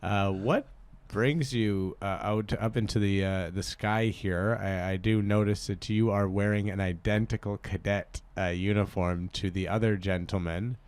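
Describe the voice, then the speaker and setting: A man co-hosting a comedy podcast, rambling and excitable, swearing casually as he reads listener suggestions. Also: on the low side, a little slow, hardly any pauses, smooth. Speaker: podcast co-host.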